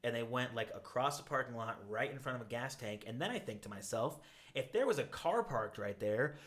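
A man hosting a podcast, telling a story in casual, profane, animated talk. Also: mid-range voice, fairly quick. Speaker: podcast host.

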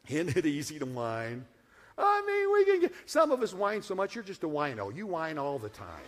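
Middle-aged guy preaching, gravelly bright voice, jokey and folksy, goes quiet then gets loud. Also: fairly high pitch, huge pitch swings, moderate pace. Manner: folksy, humorous, swings from hushed to loud. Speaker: pastor. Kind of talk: sermon.

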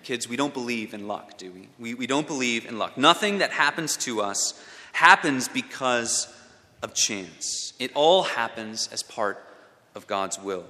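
A man's voice: on the high side, sharp tone. A man giving a sermon as a pastor, asking his listeners questions and repeating words as he thinks. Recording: long hall reverb.

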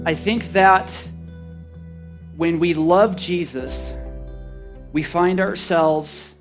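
Man with a high-pitched voice, preaching casually and earnestly, with restarts. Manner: earnest, conversational, with restarts and paraphrased quotes. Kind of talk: informal sermon.

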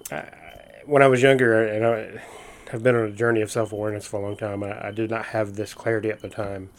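Man, slightly low voice, folksy, earnest, rambling storyteller. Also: little pitch movement, quick pace. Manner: folksy, earnest, many fillers and restarts. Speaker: host of a reflective talk. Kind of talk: casual storytelling monologue.

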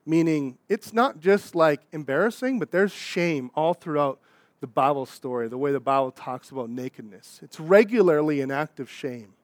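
Young man, pastor, chatty animated sermon style, higher voice, dry sound. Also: normal speed, no echo. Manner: conversational, animated preaching with asides and acted quotes.

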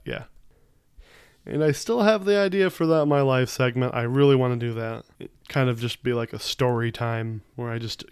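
A young man chats loosely on his own solo podcast, wandering between thoughts and correcting himself mid-sentence. His voice is smooth and clean, at an ordinary middle pitch. It is recorded on a close mic in a dead, dry space. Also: no echo. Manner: rambling, loose, self-correcting. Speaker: podcast host. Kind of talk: casual solo podcast chat.

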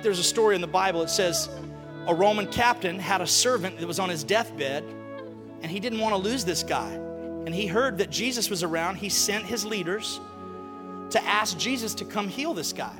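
A man preaching a lively sermon in church, acting out Bible stories in casual, slangy talk. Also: sits high, in a large hall. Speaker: pastor.

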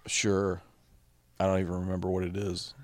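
A man's voice: deep voice, monotone, moderate pace, darkish tone, no echo. A man co-hosting a podcast in casual chat, laid-back with dry, sarcastic remarks. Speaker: podcast co-host.

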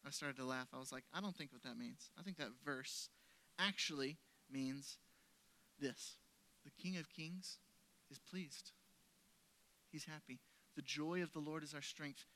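A pastor preaching a sermon in a church service, telling stories conversationally and swinging from loud emphasis down to soft, lowered lines. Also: male voice, unhurried.

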